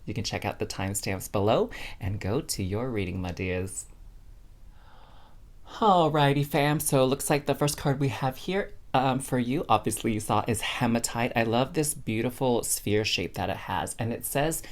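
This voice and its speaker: A woman's voice: extremely low pitch, animated, normal speed. A woman giving a casual, chatty spiritual card reading to camera, bubbly and addressing viewers as fam. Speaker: tarot card reader.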